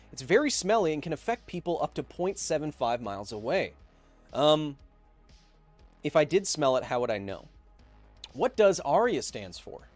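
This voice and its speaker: A man hosting a casual livestream, reading out viewer donations and answering them with playful, self-mocking jokes. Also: on the high side.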